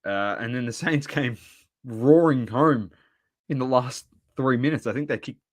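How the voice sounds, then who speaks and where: A man with an Australian accent co-hosting a casual sports podcast, animated and laughing as he rants about footy. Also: medium pitch, unhurried. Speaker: podcast co-host.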